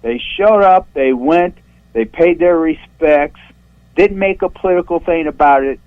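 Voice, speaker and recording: A man from St. Louis calling into a show with a profane, angry rant, his voice jumping shrill when he gets worked up. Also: measured pace. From St. Louis, USA. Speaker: caller. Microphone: phone line. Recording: dull phone-line call audio.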